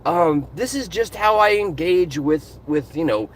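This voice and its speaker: A man's voice: fairly high pitch, expressive, a little slow, a little hiss or hum. A man vlogging from his car into a phone, ranting passionately and animatedly in casual commentary. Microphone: phone camera.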